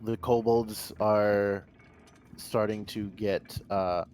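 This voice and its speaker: A man's voice: on the low side, steady tone, drawn-out words, darkish tone. A man playing in a tabletop game, talking hesitantly with many restarts and fillers. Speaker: player.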